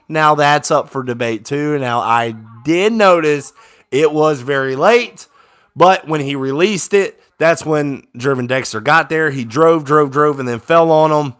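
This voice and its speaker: A young man giving casual live reaction commentary on a game as a fan, swinging from low grumbling to excited shouts on big plays. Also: clear, resonant tone.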